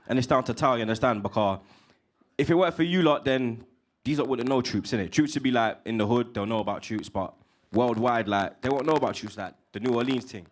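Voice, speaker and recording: Male fan guest, slangy, animated, medium pitch. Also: brisk. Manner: heavy street slang, animated, laughing asides. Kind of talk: casual chat.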